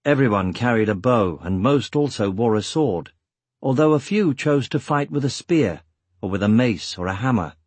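A man reading an audiobook as narrator, measured and steady, with a husky voice. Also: medium pitch, dry recording. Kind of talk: scripted narration.

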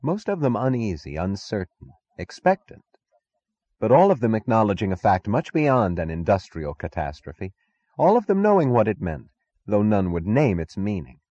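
A man narrating an audiobook in a deliberate, expressive literary reading. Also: on the low side, dry recording. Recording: dull, dry lo-fi audiobook recording.

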